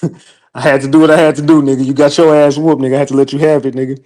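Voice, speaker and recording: Racing along in a medium-pitched voice, a man hosts an online show. His casual livestream commentary comes across as animated, profane, laughing storytelling.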